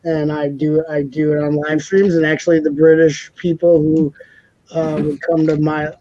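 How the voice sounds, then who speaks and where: Chatty male co-host, a bit high, loose and repetitive, muffled stream audio. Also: flat delivery, normal speed, dark tone, dry recording. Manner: rambling, repeats words, laughs often. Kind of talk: casual panel chat.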